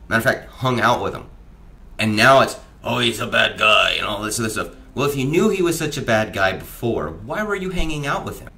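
A man's voice: fairly low pitch, fairly bright tone. Agitated man ranting. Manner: agitated, rhetorical questions. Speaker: political commentator. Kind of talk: opinion monologue.

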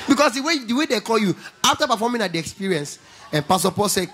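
A man with a Nigerian accent doing a lively stand-up routine at a church event, telling stories in pidgin and breaking into gospel song. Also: high-pitched, a little fast, pauses often, a little hiss or hum. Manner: animated storytelling, mixing pidgin, bursting into gospel song. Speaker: stand-up comedian.

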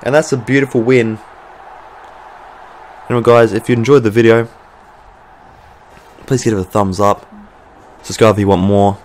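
A young Australian man giving excitable, sweary play-by-play commentary over a football video game he is playing. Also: fairly low pitch, moderate pace, long pauses, slight background noise. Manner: mock sports commentator, swears freely when excited. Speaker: gaming channel host.

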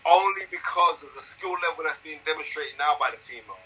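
Animated man, bright voice. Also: on the high side, fast, husky, poor audio. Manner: animated, emphatic storyteller. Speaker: boxing analyst guest. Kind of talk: casual interview chat.

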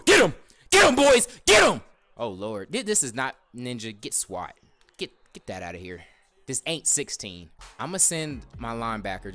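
A man hosting a gaming video, giving excited gameplay commentary, shouting at big plays and trash-talking in slang. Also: medium pitch.

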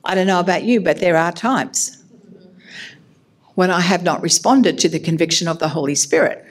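A woman's voice: fairly low pitch, moderate pace. A middle-aged woman giving a sermon as a minister, candid and self-mocking, laughing at herself as she talks.

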